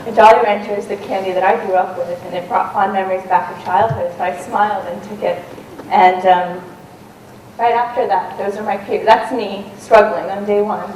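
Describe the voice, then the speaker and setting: A woman with a mid-range, slightly mellow voice tells a story on stage in a roomy hall, keeping a steady tone and moderate pace. She's an adventurer giving a conversational storytelling talk, full of ums and restarts. The recording sounds roomy and distant, with faint noise.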